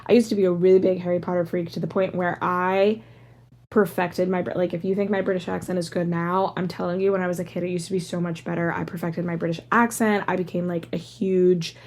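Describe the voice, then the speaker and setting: Podcast host, woman in her thirties, low-leaning voice, rambling, tangent-prone, filler-heavy casual chat. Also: little pitch movement, a little fast, a little mellow. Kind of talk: casual solo podcast monologue.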